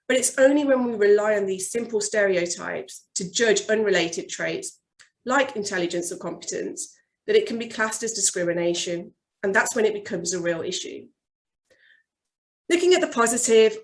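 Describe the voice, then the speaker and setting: A woman with a Birmingham accent, a consultant telling a scripted personal story in a measured, earnest and reflective way. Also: medium pitch, rough recording. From Birmingham, England.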